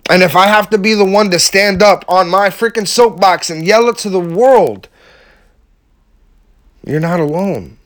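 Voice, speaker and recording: A man's voice: high-pitched, measured pace, no room sound, clean studio sound. A man giving a heartfelt, casual motivational talk to his viewers, using slang and emphatic repetition. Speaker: vlogger speaking to his audience.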